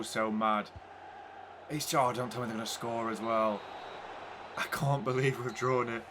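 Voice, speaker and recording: A man's voice: medium pitch, background noise. A young man commentating a football video game casually, swinging between hype and frustrated ranting. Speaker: gaming YouTuber.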